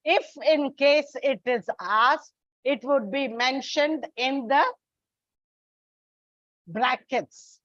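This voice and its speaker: In a dry, somewhat dull lo-fi recording, a woman with a high, fairly bright voice leads English exam coaching. She goes slowly and deliberately, spelling letters and going over key points more than once.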